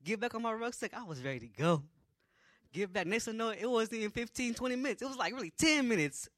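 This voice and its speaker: A young man, an army private, telling a personal story in a casual, animated way, dropping to low mutters and rising to loud exclamations. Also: fast talker, no echo. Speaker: army private recounting training.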